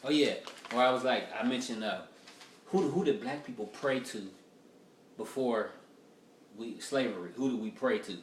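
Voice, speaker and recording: Profane rambling comedian, echoey room. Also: male voice, medium pitch, normal speed, slight background noise. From United States. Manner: loose, profane, rambling storytelling. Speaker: stand-up comedian. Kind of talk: casual stand-up rehearsal. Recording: roomy echo from far off.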